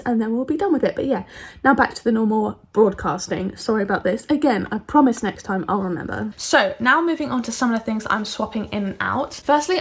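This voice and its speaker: Woman, twenties, quick chatty delivery, slightly high voice, casual bedroom vlog on a phone. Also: fairly bright tone, breathy edge. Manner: chatty, upbeat, lots of fillers like "like" and "kind of". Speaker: beauty vlogger. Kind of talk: casual chatty product review. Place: her bedroom, indoors. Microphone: phone camera.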